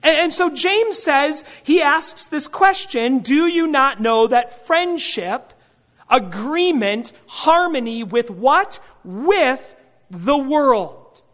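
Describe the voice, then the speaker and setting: A preacher giving an expository sermon, asking slow rhetorical questions and leaning hard on key words, often repeating and restarting phrases. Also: mid-range voice, a bit bright. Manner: frequent word repeats and restarts.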